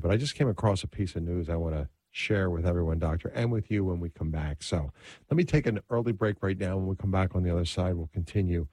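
Deep male talk radio host, dry close studio mic, smooth break announcements. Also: dark tone, no echo. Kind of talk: radio talk show hosting.

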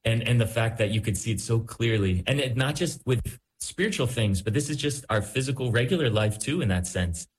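A man, a priest guest on a talk show, responding thoughtfully and gently to a caller's story. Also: mid-range voice, expressive, a little fast, hardly any pauses. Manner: gentle, searching, many restarts. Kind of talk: reflective talk show commentary.

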